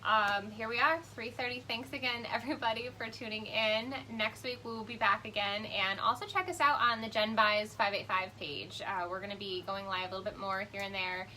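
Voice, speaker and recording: A woman in her thirties co-hosting a live Q&A, upbeat and quick to chime in. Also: medium pitch, fairly even intonation, bright, forceful tone, low-quality recording. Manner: upbeat, chiming in with quick agreement. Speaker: co-host. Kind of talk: casual live Q&A chat. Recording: faint background noise.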